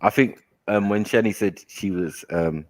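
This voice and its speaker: A man's voice: fairly low pitch, unhurried, no echo. A man making dry, teasing asides in a casual group chat. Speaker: panel guest.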